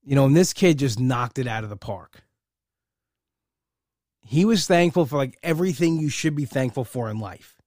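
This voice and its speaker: A man's voice: medium pitch, animated, normal speed, pauses often, darkish tone, no echo, clean studio sound. A man in a casual personal monologue, rambling with many fillers and restarts, heartfelt and proud. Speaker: uncle and godfather.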